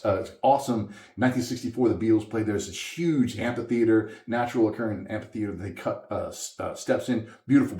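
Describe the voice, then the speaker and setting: A man's voice: mid-range voice, echoey room. A man from Southwest Louisiana, a musician guest, telling a story in a casual interview at a coffeehouse and acting out the voices of the people in it. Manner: animated storyteller, quotes others with lively swings. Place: coffeehouse, indoors.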